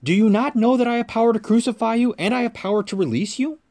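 A man's voice: very high voice, fast talker, a little mellow, pitched above the performer's own voice. A man reading the part of an uneasy Roman governor, pressing and questioning earnestly. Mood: pleading.

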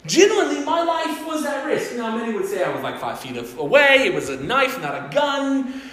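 High-voiced pastor in a roomy hall. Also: male voice, normal speed. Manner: animated storytelling, acting out voices. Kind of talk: sermon. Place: church hall. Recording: roomy church hall sound.

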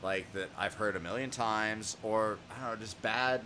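A man hosting a music podcast in casual chat, profane and excitable, laughing often and shouting out lines he quotes. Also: lowish voice, moderate pace, a little hiss or hum. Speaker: podcast host.

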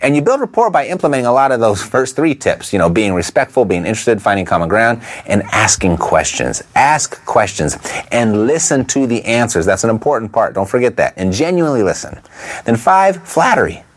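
A man teaching real estate investors how to talk to motivated sellers, in a lively coaching manner that keeps asking the listener rhetorical questions. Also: mid-range voice, a little fast. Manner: briefly imitates a Texan twang. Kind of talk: instructional talk to camera.

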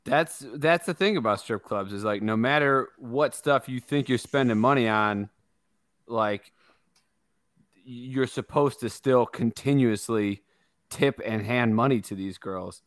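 A man with a smooth, clear voice at a middle pitch trades a wry, self-mocking story in relaxed conversation. The sound is close and dry. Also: unhurried, dry recording. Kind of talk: casual chat.

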